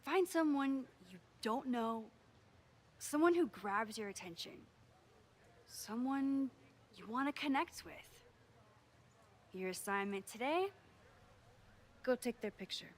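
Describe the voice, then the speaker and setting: Soft thoughtful young photographer lady, talks slow and calm, game dialogue. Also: fairly high pitch. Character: young woman photographer teaching a class, gentle.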